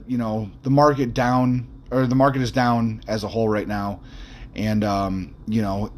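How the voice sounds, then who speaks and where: A man hosting an unscripted podcast who rambles bluntly, with lots of fillers and restarts, and throws in mild profanity and jokes. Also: mid-range voice. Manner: mildly profane, jokey asides. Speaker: podcast host.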